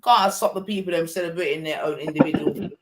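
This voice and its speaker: A man's voice: fairly high pitch, quick pace, noisy background. A man in casual, hesitant, slangy podcast chat. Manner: hesitant, filler-heavy, slangy.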